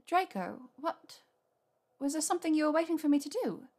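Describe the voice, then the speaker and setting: A woman voicing a flustered, earnest young witch who talks in a rushed, nervous way. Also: sits high, expressive, darkish tone, pitched above the performer's own voice. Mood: surprised.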